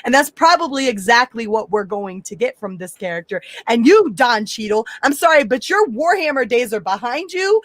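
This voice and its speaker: A woman's voice: on the high side, sing-song, fairly quick, few pauses, fairly bright tone, dry recording. Blunt, profane woman podcast co-host. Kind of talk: casual panel chat.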